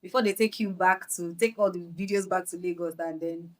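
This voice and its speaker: A young Nigerian woman with a Nigerian accent, a guest on a podcast, telling her story in a lively way, slipping into Pidgin phrases and laughing. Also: lowish voice, brisk. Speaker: guest actress. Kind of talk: podcast interview.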